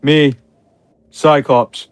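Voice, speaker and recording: A man's voice: a little high, fairly even intonation, extremely slow, clean tone. A young man with a Scottish accent, chatting in a laid-back way and swearing casually. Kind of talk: casual chat.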